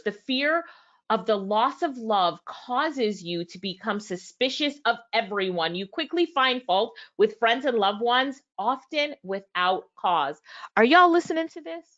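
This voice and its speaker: A woman's voice: mid-range voice, animated, normal speed, fairly bright tone, highs cut off. A woman reviewing a book live, reading passages aloud and talking straight to her viewers, acting out both sides of past conversations. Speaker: book reviewer and business owner.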